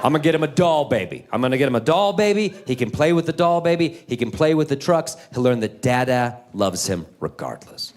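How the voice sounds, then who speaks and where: A man in his thirties doing a stand-up comedy set, animated, jumping into loud high-pitched voices for kids and teachers. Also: brisk, few pauses, slight background noise. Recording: live in a theater with crowd laughter.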